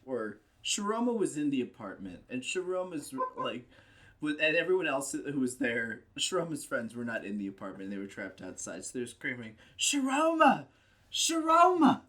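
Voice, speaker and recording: Man on a casual podcast, lively bright delivery, rambling storyteller. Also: mid-range voice, moderate pace. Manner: rambling storyteller, heavy filler words. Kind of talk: casual chat.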